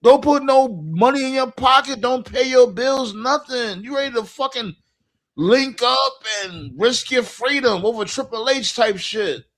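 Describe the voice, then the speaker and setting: A high-voiced man rants animatedly through a casual podcast chat. He swears freely and leans on street slang. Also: a little slow. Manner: profane, animated ranting with slang. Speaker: podcast co-host.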